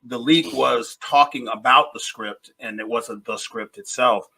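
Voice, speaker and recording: A man co-hosting a podcast, wry in casual chat and explaining things with many pauses. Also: medium pitch, gravelly, crowd noise. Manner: wry, explains with frequent "uh" fillers. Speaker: podcast co-host.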